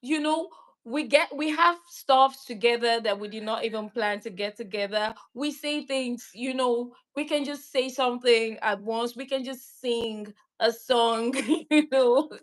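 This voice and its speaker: A woman from Lagos, a gentle and affectionate guest who laughs often. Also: on the high side, measured pace. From Lagos, Nigeria. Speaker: guest, host's best friend. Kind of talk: casual chat with a friend.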